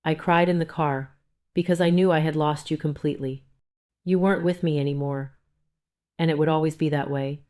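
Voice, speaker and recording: An older woman narrating a first-person story in a slow, emotional, confessional manner. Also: sits low, fairly even intonation, a little mellow.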